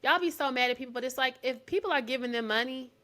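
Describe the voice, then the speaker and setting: A woman in casual podcast chat, expressive and quick with jokes and asides. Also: high voice.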